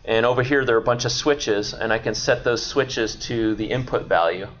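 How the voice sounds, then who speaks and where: A man's voice: medium pitch, moderate pace, a bit bright. A male instructor giving a classroom lecture, explaining with frequent fillers and restarts. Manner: hesitant, filler-heavy explaining. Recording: dull lo-fi classroom recording.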